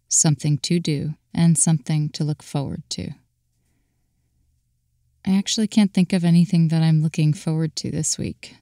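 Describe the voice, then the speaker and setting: A woman host reading a scripted podcast outro, calm and measured. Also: sits low, vocal fry, no echo, clean studio sound.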